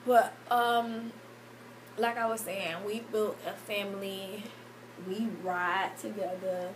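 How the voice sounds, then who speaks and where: A young woman, crying as she tells a personal story in a vlog, halting with many pauses and restarts. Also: medium pitch, fairly even intonation, noisy background. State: tearful, crying. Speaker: vlogger.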